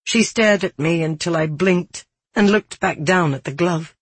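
An audiobook narrator reading first-person fiction at a steady, measured pace. The voice is slightly husky and sits at a middle pitch. The recording is dry and close, with no room sound. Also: dry recording.

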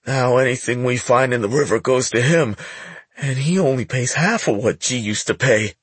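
Brief: frightened teen boy, stammering, voiced much higher by a husky-voiced male narrator. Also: a bit bright, no room sound. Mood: nervous. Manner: stammering, nervous and hurried. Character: scared, bloodied teenage boy, a river diver.

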